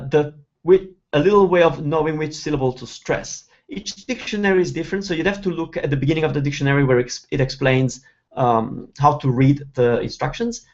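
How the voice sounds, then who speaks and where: A man teaching as host of an online webinar, reading out viewer questions and slowly sounding out example words. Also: a little high, dull audio. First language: Italian. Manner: reads out viewer questions, then slowly spells out pronunciation. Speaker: Italian teacher. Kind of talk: webinar Q&A lesson.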